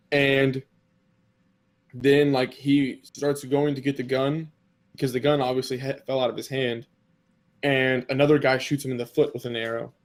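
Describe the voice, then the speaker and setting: A man at a middle pitch tells an anime story to his friends on a podcast. He rambles, leans on "like" and "um", and slips into the characters' lines as he goes. His delivery is loose and conversational. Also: darkish tone. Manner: rambling, filler-heavy storytelling with quoted dialogue. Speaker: podcast co-host. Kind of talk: casual chat recapping an anime episode.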